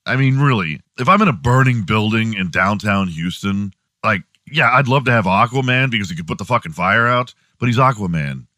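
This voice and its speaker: Man, morning show host, sarcastic profane rant, lowish voice, dry close sound. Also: animated, a little fast, bright, forceful tone, no echo. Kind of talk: comedic rant.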